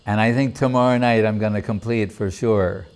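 A man voicing a humble, devout ascetic saint who speaks gently and patiently. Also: lowish voice, steady tone, normal speed, lightly acted. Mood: gentle.

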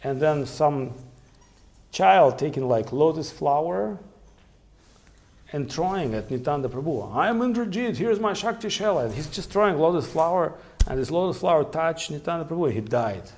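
A man retelling devotional legends in a gravelly, creaky voice. He speaks haltingly, full of small fillers and restarts. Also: a little high, lively intonation, a little mellow. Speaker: storyteller. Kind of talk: devotional storytelling.

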